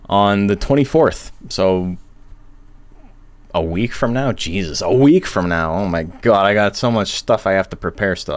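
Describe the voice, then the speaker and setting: A man with a deep voice chats casually on a live stream, rambling and poking fun at himself. He keeps getting interrupted by hiccups. The sound is dry, with no room echo. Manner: chatty, rambling, self-deprecating. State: has hiccups.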